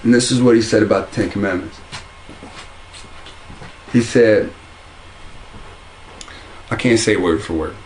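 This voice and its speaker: A fairly low-voiced man talks straight to camera from his home, heated and rambling as he circles back through restarts and repeated phrases. A faint hum of room ambience sits behind him. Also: measured pace, long pauses, darkish tone, low-quality recording. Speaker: religious video commentator. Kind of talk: casual monologue to camera. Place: at home, indoors.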